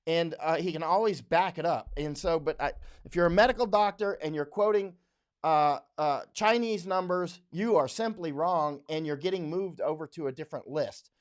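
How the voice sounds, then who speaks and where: A man's voice: fairly high pitch, moderate pace. A man hosting a live stream, talking bluntly and combatively, repeating points as he goes. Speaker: livestream host, war correspondent.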